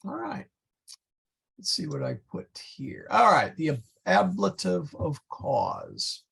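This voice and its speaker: A man teaching a Latin class, explaining slowly and patiently with many fillers. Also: fairly high pitch, wildly swooping pitch, vocal fry, fairly bright tone, husky. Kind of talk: online class lecture.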